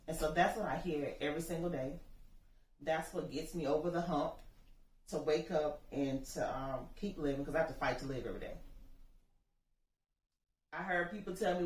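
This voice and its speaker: A woman's voice: sits low, moderate pace, echoey room, recorded from a distance, a little hiss or hum, low-quality recording. A woman speaking as a bereaved mother in an interview, earnest and emphatic, telling her own story and building to urgent appeals. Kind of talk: personal testimony.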